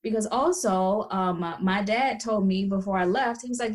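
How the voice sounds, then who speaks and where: A woman's voice: mid-range voice, moderate pace, hardly any pauses. An American woman in an interview, telling stories in a chatty way with many fillers and playful quoted voices. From United States. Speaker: guest. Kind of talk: casual interview chat.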